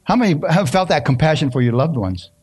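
A middle-aged pastor preaching a sermon in a conversational, storytelling way, often asking the congregation questions. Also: male voice, on the high side, big pitch swings, brisk, a little mellow, breathy edge. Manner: conversational, asks the congregation questions, many restarts. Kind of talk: sermon with personal stories.

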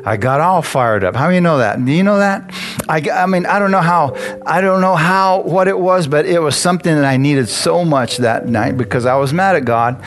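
Animated male preacher over guitar music. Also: on the high side, moderate pace. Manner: animated, calls out to the congregation. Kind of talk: sermon with personal testimony. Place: church. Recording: guitar music playing behind the voice.

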